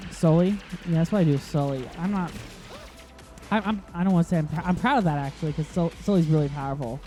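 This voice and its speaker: Hosting a gaming channel, a man narrates a casual let's-play in a fairly high, warm voice. He chats and rambles, gets sidetracked easily, and leans on lots of ums.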